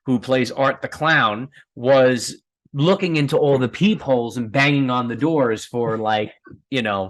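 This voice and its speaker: A filmmaker guest telling stories in a casual, rambling way, with many fillers and restarts and frequent laughs. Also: male voice, mid-range voice, a bit bright.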